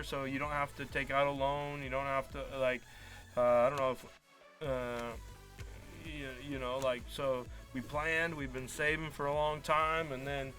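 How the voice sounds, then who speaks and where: A man's voice: mid-range voice, sharp tone. A man telling a long, frustrated story in casual live-stream chat as a card break host, acting out quoted dialogue. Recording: faint music behind.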